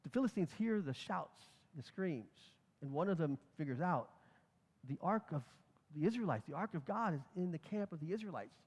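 A man preaching a sermon, retelling scripture with lively storytelling and acted-out voices. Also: moderate pace, slightly rough. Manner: storytelling, acts out crowds and captains with lively swings in pitch. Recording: long hall reverb.

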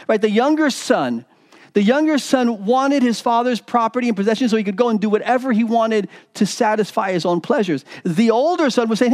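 A man with a notably high voice delivers a sermon as pastor. He preaches in an animated way, doubling up on words and acting out the lines of the people in the story he retells. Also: a little fast.

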